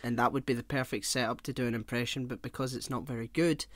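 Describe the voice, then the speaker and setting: A man's voice: mid-range voice, steady tone, fast talker, a crowd in the background. Laughing, rambling young man on a podcast. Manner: rambling, laughs often, swears casually. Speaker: podcast co-host. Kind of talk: casual chat.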